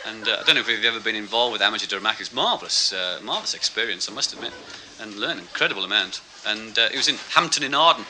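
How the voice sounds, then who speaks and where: A man's voice: on the low side, expressive, racing, bright, forceful tone, a little hiss or hum, rough recording. A man telling a rambling, self-mocking stand-up story with laughing asides. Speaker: stand-up comedian.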